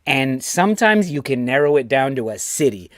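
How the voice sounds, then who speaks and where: A man with a New York accent hosting a casual sports fan show, animated and swearing freely. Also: medium pitch, normal speed, dry recording, clean studio sound. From United States. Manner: animated, swears freely, puts on voices when quoting. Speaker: host.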